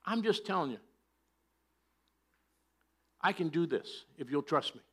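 A preacher telling a joke and doing an eager, determined man who insists he can ring the church bell. He sounds matter-of-fact and reassuring, with a fairly high voice for a man, told in a spoken sermon joke. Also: lively intonation, unhurried, breathy edge.

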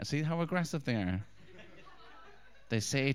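Brash stand-up, crude crowd-work banter, bright forceful tone. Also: male voice, on the high side, animated, moderate pace. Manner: crude, swearing, mocking banter with audience. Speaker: stand-up comedian.

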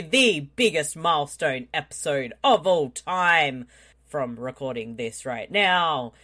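Playful female podcast host, slow unhurried delivery, bright. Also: deep voice, lively intonation, faint music behind. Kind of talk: casual live podcast chat.

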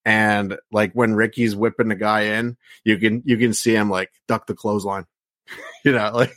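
A man's voice: fairly low pitch, steady tone, moderate pace, a bit bright, no room sound. A man co-hosting a casual wrestling podcast, talking bluntly with lots of swearing and filler words. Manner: blunt, heavy swearing, frequent "like" and "you know". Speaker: podcast co-host reviewing wrestling.

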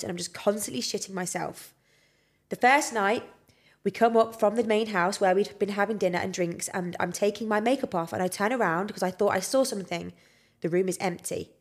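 A young woman co-hosting a podcast, reading out listener ghost stories with lots of feeling and frequent swearing and laughter. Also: medium pitch. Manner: expressive, swears freely, laughs often. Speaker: podcast co-host.

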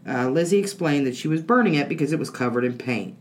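A man's voice: fairly high pitch, slight background noise. A man co-hosting a podcast, reading out a case history with dry asides. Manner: steady reader, quick dry interjections. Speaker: podcast co-host.

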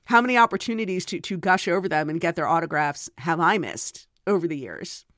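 A woman's voice: lowish voice, lively intonation, a little fast, fairly bright tone, no echo. Chatty woman podcast host, dry sound. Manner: chatty, digressive, self-deprecating. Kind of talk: casual storytelling monologue.

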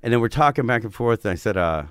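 A man in his forties telling a wild family story in casual chat, swearing freely and acting out what people said, breaking into loud laughs. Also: mid-range voice, lively intonation, quick pace, clean tone, no room sound, clean studio sound. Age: 40s.

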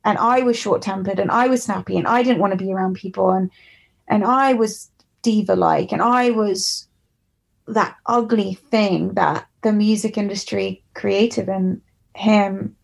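Brief: young English woman, musician guest, candid and reflective, a slight gravel in the voice. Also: medium pitch, steady tone, unhurried. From England. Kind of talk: candid storytelling interview.

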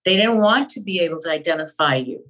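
An older woman from Cuba, an actress guest in an interview, talking in an animated, emphatic way and repeating key phrases. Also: on the low side, quick pace, poor audio. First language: Spanish. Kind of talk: interview conversation.

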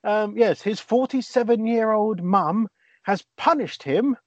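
A man's voice: sits high, a little slow, no room sound. A man hosting a comedy podcast, wry and laughing often as he reads out news stories. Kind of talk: comic banter. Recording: dry, dull lo-fi sound.

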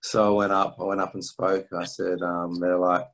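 Low, flat-voiced man telling a story. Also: poor audio. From England. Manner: halting, many restarts and fillers. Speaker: interview guest. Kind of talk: reflective storytelling.

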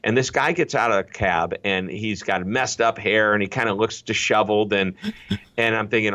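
A middle-aged man, a guest speaker on customer service, telling anecdotes in an energetic interview style and repeating key phrases. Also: fairly low pitch, moderate pace, dull audio. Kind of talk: interview storytelling.

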